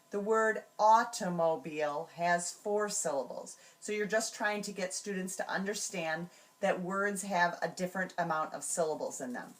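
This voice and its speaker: A woman calmly explaining classroom routines step by step, slowing down to sound out example words. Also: mid-range voice, far from the mic. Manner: clear, measured, slows to sound out example words. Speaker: teacher trainer. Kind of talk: instructional walkthrough.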